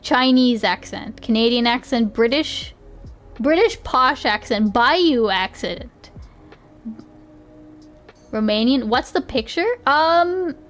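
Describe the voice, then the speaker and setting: A woman's voice: on the high side, expressive, slow, long pauses, a bit bright, faint music behind. A young woman streaming live, chatting casually in a giggly, rambling way with lots of restarts. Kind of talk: casual livestream chat.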